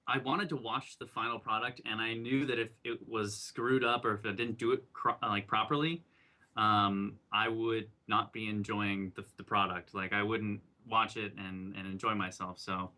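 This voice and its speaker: A man's voice: on the low side, fairly even intonation, normal speed, sharp tone. A young man as a guest in a casual interview, telling his story in an earnest, reflective way with many fillers. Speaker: documentary filmmaker guest.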